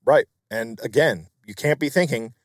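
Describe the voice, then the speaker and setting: A man's voice: medium pitch, moderate pace, no echo, studio quality. Explaining male podcast co-host. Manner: explanatory, emphatic. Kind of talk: casual chat.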